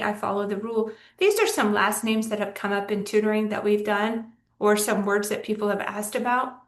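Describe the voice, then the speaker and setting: A woman's voice: on the high side, roomy sound, far from the mic. A woman teacher from Texas giving a recorded lesson, patiently explaining step by step with examples. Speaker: Spanish teacher.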